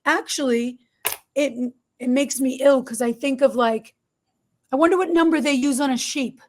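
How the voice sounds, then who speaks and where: A middle-aged woman, a podcast guest telling her story in an animated, expressive way. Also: high voice, moderate pace, slight background noise. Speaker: podcast guest, barber shop owner. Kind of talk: storytelling interview.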